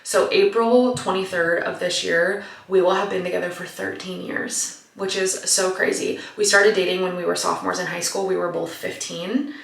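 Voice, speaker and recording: A woman's voice: on the low side, fairly even intonation, moderate pace, gravelly, few pauses. Chatty woman in her late 20s, roomy sound. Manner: chatty, uses "like" often, laughs easily. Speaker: vlogger answering viewer questions. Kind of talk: casual Q&A chat. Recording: roomy, mic at a distance.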